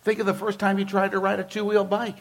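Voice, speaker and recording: A man's voice: sits high, completely flat delivery, fast. A man preaching a sermon as pastor, talking to the congregation in an emphatic, conversational way and driving points home with repeated phrases.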